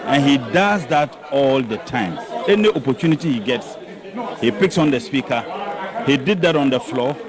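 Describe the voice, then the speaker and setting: A man with a Ghanaian accent, a politician making slow, deliberate, pointed remarks to the press outdoors. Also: mid-range voice, lively intonation. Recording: outdoor clip with crowd noise.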